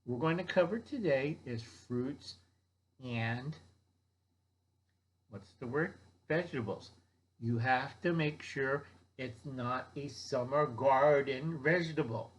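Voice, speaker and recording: A man's voice: mid-range voice, slow, pauses often. An older man giving a blunt, rambling survival lecture, often checking in with "okay?" and mocking people in put-on voices. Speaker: survival vlogger. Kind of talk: rambling instructional monologue.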